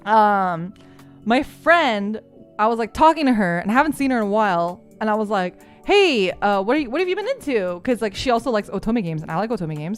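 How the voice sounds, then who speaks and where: A young woman streamer chatting casually, telling stories in an animated way and sometimes breaking into shrieks and laughter. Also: mid-range voice.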